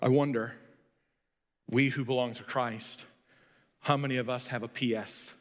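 A man preaching a sermon as pastor, swinging between loud emphasis and quiet asides. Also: medium pitch, fairly even intonation, unhurried, big-room sound.

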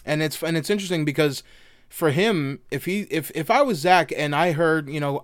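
Smooth-voiced man chatting about games. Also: fairly high pitch, moderate pace, no room sound, clean studio sound. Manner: loose and chatty, swears casually. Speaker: podcast co-host. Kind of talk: casual game discussion.

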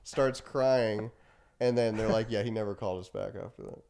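A man's voice: lowish voice, normal speed, a crowd in the background. A young man co-hosting a podcast in casual chat, mostly listening and answering with short agreements. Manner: laid-back listener, short agreements and frequent laughs. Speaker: podcast co-host.

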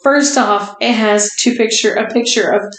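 A woman's voice: fairly high pitch, unhurried, fairly bright tone, roomy sound, a little hiss or hum, low-quality recording. A woman co-hosting a podcast in casual chat; blunt and giggly, laughing often. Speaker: podcast co-host.

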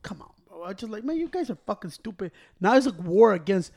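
A man's voice: high voice, sing-song, fast talker, creaky, hardly any pauses, darkish tone. A man on a casual podcast, ranting heatedly with lots of swearing and bits of Spanish. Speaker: podcast co-host. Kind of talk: casual chat.

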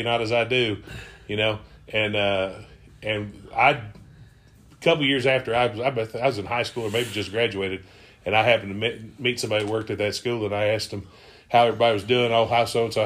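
A man, a podcast host telling a relaxed anecdote and laughing easily. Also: on the low side. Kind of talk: casual chat.

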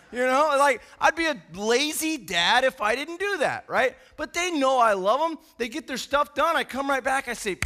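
High bright-voiced man preaching casually. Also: normal speed. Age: adult father of young boys. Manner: animated, folksy, peppered with "man" and "right?". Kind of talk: casual conversational sermon.

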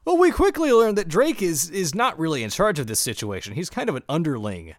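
Animated, lively-pitched man recapping on a podcast. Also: fairly quick, no room sound, studio quality. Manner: animated storyteller, mock-outraged. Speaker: podcast co-host. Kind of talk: casual episode recap chat.

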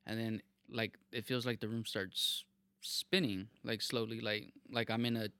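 A young man co-hosting a casual podcast chat, rambling through stories in a profane way with halting restarts. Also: on the low side, little pitch movement, pushed and bright, clean tone, no echo. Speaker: podcast co-host.

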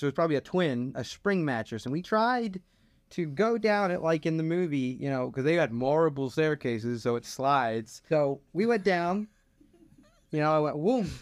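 A man's voice: a little high, dry recording. A young man co-hosting a podcast, telling stories in a laid-back way with light chuckles. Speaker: podcast co-host. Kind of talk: casual storytelling chat.

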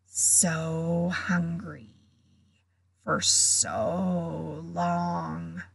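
A woman voicing a cold, murderous, disembodied monster, slow and hissing. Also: fairly low pitch, vocal fry, slightly rough, no room sound, clean studio sound, voice pushed down, heavily acted. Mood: menacing.

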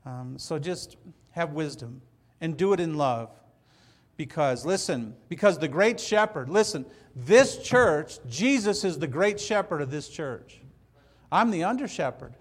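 A man's voice: a little high, lively intonation, a little slow. A middle-aged man preaching a sermon as pastor, earnest and folksy, repeating his phrases and telling stories from his family.

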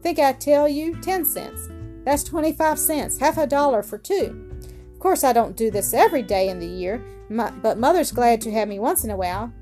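A woman voicing a cheerful, generous young newsboy, reading him higher and brighter than her narration. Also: lively intonation, normal speed, soft background music, close to an everyday voice.

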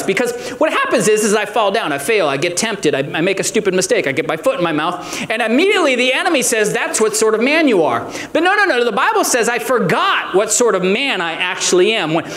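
A man in his forties delivers a sermon in a high, bright-sounding voice. He swings between wry, self-mocking asides and rising, shouted declarations. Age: 40s. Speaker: pastor.

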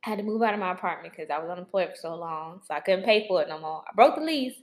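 A woman's voice: lowish voice, rapid-fire. A young woman co-hosting a podcast, chatting casually and animatedly, acting out what people said. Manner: animated, quotes people in put-on voices. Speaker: podcast co-host. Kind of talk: casual chat.

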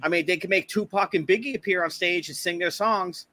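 A man's voice: high voice, fairly quick, sharp tone, no echo. A young man with a Boston accent, hosting a podcast in casual, swear-filled chat. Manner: swears constantly, laughs often. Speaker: podcast host.

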